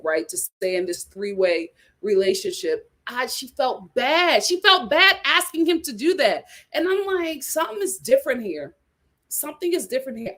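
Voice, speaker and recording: A woman hosting a reality TV recap, talking in a lively, gossipy way with sudden exclamations and laughter. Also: mid-range voice. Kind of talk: casual recap chat.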